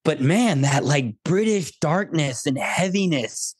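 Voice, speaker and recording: An American man speaking as a guest on a remote interview, animated and jokey, full of quoted asides. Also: fairly high pitch, unhurried, breathy edge, no echo. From United States. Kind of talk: podcast interview.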